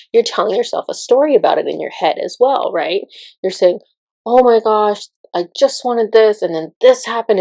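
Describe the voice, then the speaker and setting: A woman in casual spiritual teaching talk, chatty and quick to laugh, with many fillers. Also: on the low side, vocal fry, darkish tone, no room sound.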